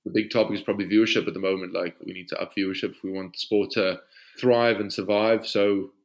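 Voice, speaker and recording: A South African rugby player, an Afrikaans speaker, answering questions in a casual podcast interview in an easygoing way. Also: male voice, deep voice, quick pace. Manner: relaxed, easygoing answers with frequent "you know".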